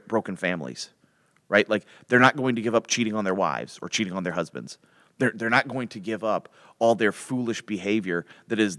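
A man's voice: lowish voice, no room sound, studio quality. A man preaching a casual, emphatic Bible teaching, full of restarts and rhetorical questions. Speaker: pastor.

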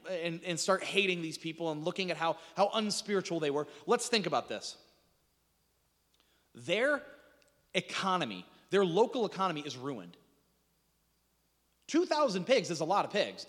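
Animated preacher man, high lively voice. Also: long reverb tail. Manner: conversational preaching with frequent restarts and rhetorical questions. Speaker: pastor. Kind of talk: sermon.

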